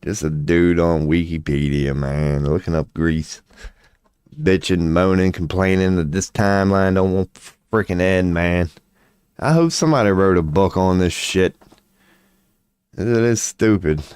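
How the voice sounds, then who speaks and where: A man's voice: sits low, a little slow, darkish tone, smooth, dry recording. A tired man rambling indoors at home in a late-night vlog, profane, slangy and laughing at himself. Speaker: vlogger.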